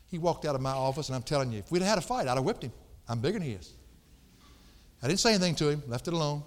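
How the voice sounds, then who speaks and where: A middle-aged man preaching a sermon, folksy and emphatic, jumping from loud outbursts to hushed asides. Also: fairly high pitch, big pitch swings, rapid-fire. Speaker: pastor. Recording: long hall reverb.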